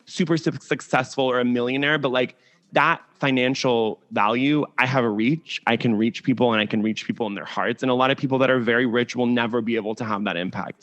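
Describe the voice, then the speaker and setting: A man's voice: mid-range voice, highs cut off. A young adult man as a podcast guest on a video call, chatting candidly and animatedly with lots of "like". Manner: animated, candid, heavy use of "like". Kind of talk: casual interview chat.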